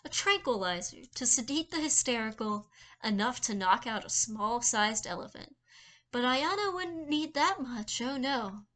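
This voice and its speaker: A woman narrating a fan fiction story in a lively way, with some slips and restarts. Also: a little high, a little slow.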